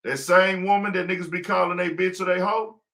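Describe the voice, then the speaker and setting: A man's voice: high voice, fairly even intonation, brisk, gravelly, a bit bright. A man hosting a casual livestream talk show, preaching his point with rhetorical questions he answers himself. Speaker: podcast host.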